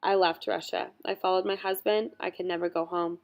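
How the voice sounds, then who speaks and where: A woman voicing a gentle young female camp doctor, weary and homesick, in a soft hushed voice with slow, sighing delivery, for an audiobook. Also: fairly low pitch, fairly even intonation, gravelly. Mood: tender, sad.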